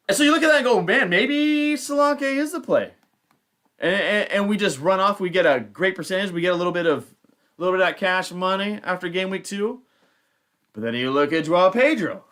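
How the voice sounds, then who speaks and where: A man's voice: fairly high pitch, a bit bright. A young man hosting a fantasy football livestream, rambling and thinking aloud in casual commentary. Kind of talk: casual live-stream commentary.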